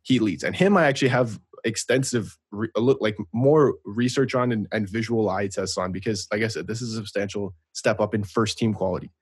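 A man's voice: lowish voice, fairly quick, few pauses, slightly rough, no echo, clean studio sound. A man co-hosting a podcast, chatting casually about football and often checking in with "right?". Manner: talkative, keeps asking "right?". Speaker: podcast co-host. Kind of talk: casual sports chat.

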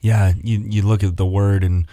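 Low-voiced earnest assistant pastor. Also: male voice, level tone, moderate pace, no echo. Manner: earnest, warm about faith, quotes scripture. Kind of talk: casual radio talk show chat.

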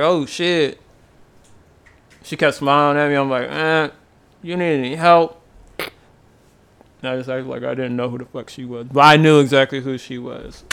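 A man's voice: medium pitch, a bit bright, clear, resonant tone. A young man in casual, profane chat, telling loose stories about past girlfriends.

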